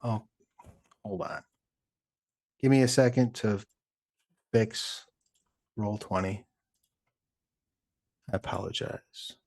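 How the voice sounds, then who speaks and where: A man running a tabletop game as game master, talking in a relaxed, chatty way with plenty of fillers. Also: lowish voice, slow, pauses often.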